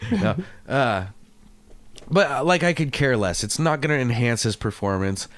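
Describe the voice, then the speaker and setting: A man's voice: mid-range voice, animated, normal speed, a bit bright, no room sound. A man hosting a casual podcast, swearing freely and retelling stories by acting out what people said. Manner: profane storyteller who acts out quotes. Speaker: podcast host.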